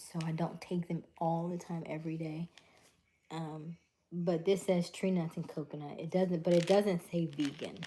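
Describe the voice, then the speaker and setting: A woman's voice: deep voice, a little hiss or hum. A middle-aged woman hosting a casual livestream chat, telling stories and acting out conversations as she reads the chat. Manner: animated storyteller, acts out dialogues, reads chat aloud. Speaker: livestream host.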